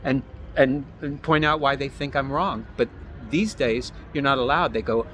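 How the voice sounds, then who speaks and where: An American man chatting outdoors as a guest, halting and repeating words as he thinks aloud. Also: medium pitch, a bit bright, slight background noise. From United States. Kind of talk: casual street conversation.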